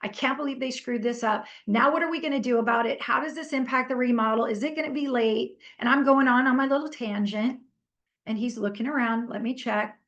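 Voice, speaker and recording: In a muffled recording, a middle-aged workshop trainer talks fairly quickly in a higher voice. She's casual and conversational, full of fillers, sharing lively stories and asking participants for their thoughts.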